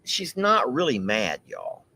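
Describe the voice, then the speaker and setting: A man's voice: medium pitch, wildly swooping pitch, slow pace, vocal fry, sharp tone, slight background noise. A man hosting a casual livestream outdoors on a farm, chatty and teasing. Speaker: livestream host.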